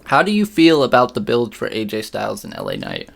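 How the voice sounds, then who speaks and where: A man's voice: lowish voice, wildly swooping pitch, brisk, gravelly. A man co-hosting a podcast in casual chat, blunt and jokey, swearing freely. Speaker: podcast co-host.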